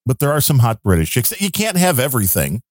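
A man's voice: medium pitch, wildly swooping pitch, fast talker, no echo. Upbeat podcast host man, dry sound. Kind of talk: casual chat.

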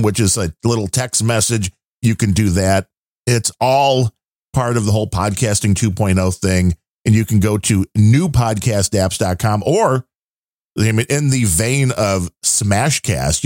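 A man's voice: fairly low pitch, darkish tone, no echo, clean studio sound. A man co-hosting a podcast, reading out listener donations in a loose, joking, rambling way. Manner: joking, rambling, laid-back. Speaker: podcast co-host. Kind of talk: casual podcast chat reading listener support.

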